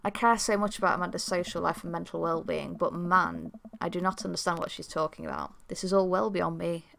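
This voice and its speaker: A woman's voice: fairly low pitch, flat delivery, fairly quick, creaky, noisy background. A woman streamer reading a dating game aloud in a playful, reactive way.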